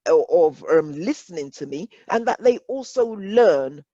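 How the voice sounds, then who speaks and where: Slow, measured woman presenter, English accent. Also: fairly low pitch, lively intonation, mellow, no echo, highs cut off. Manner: measured, deliberate, repeats phrases. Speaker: workshop presenter. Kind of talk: online workshop presentation.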